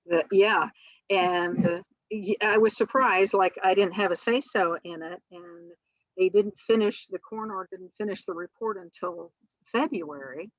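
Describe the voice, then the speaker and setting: A woman's voice: mid-range voice, unhurried, dry recording, lo-fi sound. A middle-aged woman, a guest on an interview show, tells a personal story in a rambling way, full of fillers and restarts.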